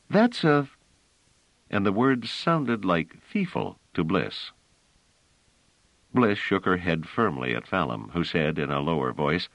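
A man with a very low voice narrates an audiobook. His delivery is measured but expressive, moving a lot in pitch. The sound is close and dry, with no room around it. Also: dry recording, poor audio.

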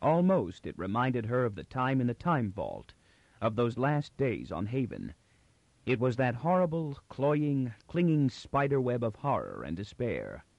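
A man narrating a science fiction story in a steady, expressive reading voice. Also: medium pitch, measured pace, no echo. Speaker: audiobook narrator. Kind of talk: scripted narration. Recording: dull lo-fi dry recording.

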